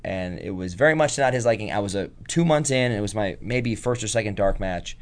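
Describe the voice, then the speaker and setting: A man's voice: lowish voice, a little fast. A man, a guest on a talk show, telling stories in casual chat and acting out the people he quotes. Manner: animated storyteller, acts out quotes.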